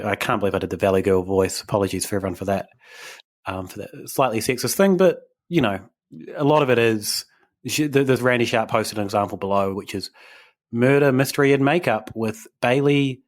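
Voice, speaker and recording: A man's voice: on the low side, moderate pace. A young man, co-hosting a podcast, rambling and self-deprecating in casual chat. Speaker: podcast co-host.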